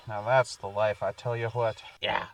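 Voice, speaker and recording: A man's voice: on the low side, steady tone, a little slow, distant mic, slight background noise. A man casually chatting in a camping vlog from his truck camper at night, rambling and laid-back, now and then talking baby-talk to his dog. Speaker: camping vlogger.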